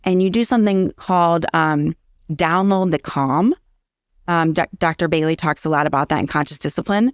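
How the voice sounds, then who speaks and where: Middle-aged lady talking parenting, earnest teacher vibe, lowish voice, dry room. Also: moderate pace, clear, resonant tone, no room sound. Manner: earnest, teacherly, repeats key phrases for emphasis. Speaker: early childhood educator and parenting guest. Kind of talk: casual interview explaining parenting.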